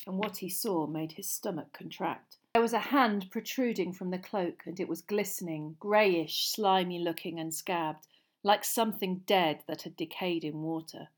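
Expressive woman reading a story aloud. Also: on the low side, moderate pace. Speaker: audiobook narrator. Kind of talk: scripted narration.

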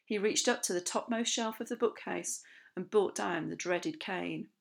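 A woman narrating a children's novel aloud in the first person, lively and expressive. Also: medium pitch, moderate pace, vocal fry. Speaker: audiobook narrator. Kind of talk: scripted storybook narration.

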